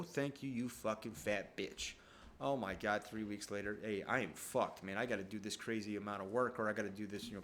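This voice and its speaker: A man's voice: fairly low pitch, slight background noise. Man, casual vlog monologue, swears a lot, rambling storyteller, recorded at home. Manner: profane, rambling, animated storyteller. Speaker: vlogger. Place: at home, downstairs.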